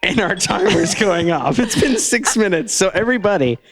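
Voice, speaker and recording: A man's voice: sits high, lively intonation, normal speed, gravelly, a crowd in the background. Goofy, jokey young man host. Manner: jokey, goofy, laughs often. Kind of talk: casual interview chat. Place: home set.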